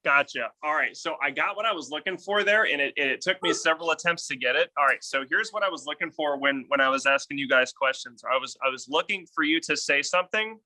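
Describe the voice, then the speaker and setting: A man's voice: on the high side, quick pace, hardly any pauses, sharp tone, low-quality recording. A man coaching a class on sales calls in a conversational way, with frequent restarts and acted-out examples. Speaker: real estate sales trainer.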